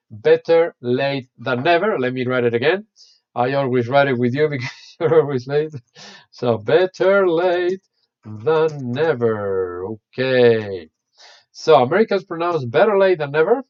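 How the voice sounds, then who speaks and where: Chatty male English teacher, dull audio. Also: medium pitch. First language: Spanish. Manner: chatty, encouraging, addresses students by name. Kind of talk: live online English class.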